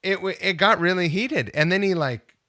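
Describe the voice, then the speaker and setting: On a podcast, a punk guitarist spins a long, casual story in an animated way, acting out the voices of people he quotes. His voice is high-pitched and moves at a normal speed, with a slight hiss or hum in the background.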